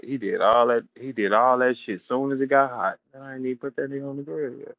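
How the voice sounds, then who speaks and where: A man's voice: mid-range voice, flat delivery, fast talker, vocal fry, hardly any pauses, fairly bright tone, no echo, highs cut off. A man hosting a battle rap audio room, telling stories and taunting a rival in a profane, casual rant. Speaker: battle rap show host.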